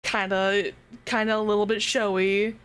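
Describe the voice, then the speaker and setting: A woman streaming a game live, chatting casually to her viewers, giggling and swearing as she gets excited. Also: mid-range voice, moderate pace, smooth.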